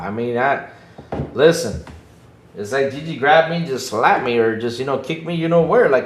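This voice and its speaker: His fairly high voice swinging widely in pitch, a man hosts a casual livestream podcast at a moderate pace in a reverberant room. He jokes with the chat, acts mock-hurt and whiny, pokes fun at himself, and laughs often.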